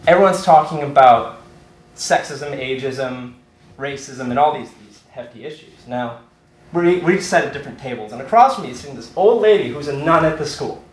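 A teenage man telling a personal story about working at a haunted house, animated and breaking into laughter as he goes. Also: mid-range voice, moderate pace, reverberant, low-quality recording. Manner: animated, laughs through his own story. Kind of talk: personal anecdote told to an audience.

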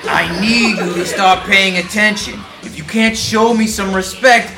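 A gravelly, bossy office manager barks his demands slowly and curtly, as a man puts him on. The voice has a bright, hard edge. It sounds like it was recorded in an echoey room. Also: high voice, steady tone, faint music behind, heavily acted. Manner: barking, curt. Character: curt balding male office boss.

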